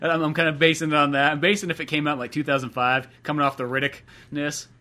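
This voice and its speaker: Podcast cohost guy talking super fast, bright voice, swears a lot. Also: fairly high pitch, little pitch movement. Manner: eager, swears freely. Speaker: podcast co-host. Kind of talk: casual chat.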